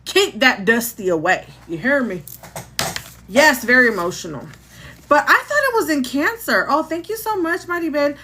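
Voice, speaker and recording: Chatty high-voiced woman livestreamer. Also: big pitch swings, moderate pace, bright, forceful tone, slight background noise. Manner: chatty, answers chat comments, restarts and fillers. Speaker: livestream host. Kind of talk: casual live chat about astrology and gossip.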